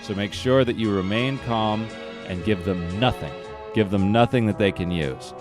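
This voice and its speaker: A man's voice: on the low side, normal speed, over music. A young man hosting a podcast, telling a profane, self-mocking story in casual chat. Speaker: podcast host.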